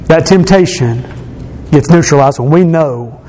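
A man's voice: fairly high pitch, unhurried, warm tone, low-quality recording. A man preaching an emphatic sermon as pastor, repeating phrases for stress.

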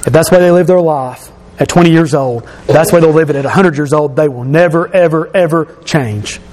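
A pastor preaching a sermon to his congregation, emphatic and rising to shouts at his key points. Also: a little high, a little fast. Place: church sanctuary. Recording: long reverb of a church hall.

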